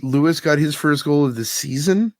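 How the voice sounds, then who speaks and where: A man hosting a podcast in casual chat, telling an animated story and laughing often. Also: on the high side, moderate pace, no room sound. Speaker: podcast host.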